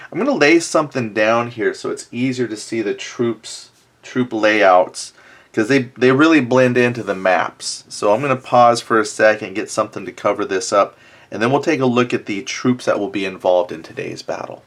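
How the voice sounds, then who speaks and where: A man's voice: mid-range voice, moderate pace. A man hosting a tabletop game let's-play, chatting casually and thinking aloud, often correcting himself, with wry self-deprecating asides.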